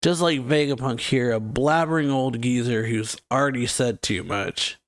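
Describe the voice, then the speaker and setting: A man reading the lines of a tipsy, wry old retired pirate, slow and drawling. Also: medium pitch, natural voice.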